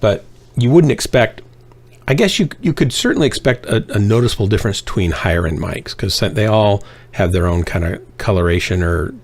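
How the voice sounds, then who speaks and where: A man's voice: lowish voice, expressive, fairly quick. A middle-aged man hosting a game stream, chatting casually in a joking, rambling way. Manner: joking, rambling, self-mocking. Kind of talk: casual chat.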